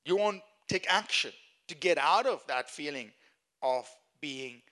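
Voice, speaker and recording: A man's voice: a little high, animated, measured pace, pushed and bright. A man preaching a sermon as pastor, earnest and emphatic, repeating key phrases and chuckling at his own jokes.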